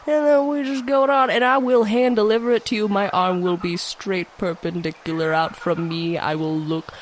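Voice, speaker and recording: A woman's voice: medium pitch, fairly even intonation, moderate pace, slight background noise, lightly acted. A woman voicing a sweet-talking coffee-shop hostess from the swamp, with a put-on Louisiana Southern accent. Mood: sly. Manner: syrupy, sweet-talking, sly.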